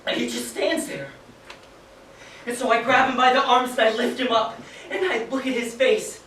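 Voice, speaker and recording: An actor playing a young private haunted by sparing an enemy prisoner, in a dramatic stage monologue, halting and hushed, breaking into frantic shouting. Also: mid-range voice, steady tone, close to an everyday voice. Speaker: soldier recounting a war memory. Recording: echoey room from far off, with background noise.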